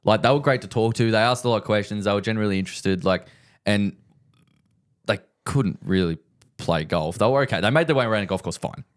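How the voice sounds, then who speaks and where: A podcast co-host with a lowish voice talks fast as he tells a long, rambling story in casual chat, repeating himself along the way.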